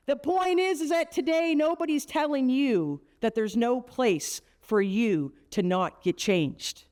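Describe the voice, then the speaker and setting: A woman around fifty with a brash, joking manner, giving an energetic motivational speech to teenage girls as a keynote speaker. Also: fairly high pitch, unhurried. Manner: brash, joking, punchy storyteller.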